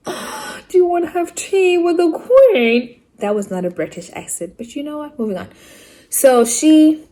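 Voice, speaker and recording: A woman from Africa giving a casual, animated book review, with laughing asides, mock outrage and characters' lines acted out in quick asides. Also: a little high.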